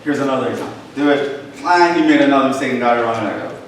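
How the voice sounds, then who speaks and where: A man's voice: medium pitch, quick pace. A man teaching a college math class, talking to his students in a casual, encouraging way. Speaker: math lecturer. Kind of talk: classroom lecture. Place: lecture hall. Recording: very echoey hall, voice from a distance, faint noise.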